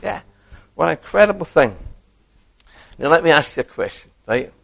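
Male preacher, slightly higher voice, animated delivery, asks the congregation questions. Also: normal speed, vocal fry. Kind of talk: sermon.

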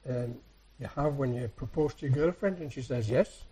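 A man giving a sermon, a soft-spoken, rambling storyteller who retells everyday encounters. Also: mid-range voice, moderate pace, husky, rough recording. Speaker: church speaker. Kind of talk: anecdotal sermon.

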